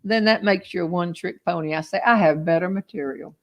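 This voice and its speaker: A woman's voice: on the low side, a little fast, dull audio. An older woman with a Southern US accent, hosting a casual, teasing, folksy chat on a back porch. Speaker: host.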